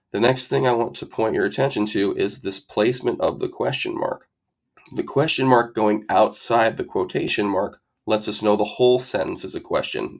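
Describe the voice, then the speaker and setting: Guy tutoring sat grammar, low gravelly voice, methodical w/ dry little jokes. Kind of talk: explaining grammar rules over slides.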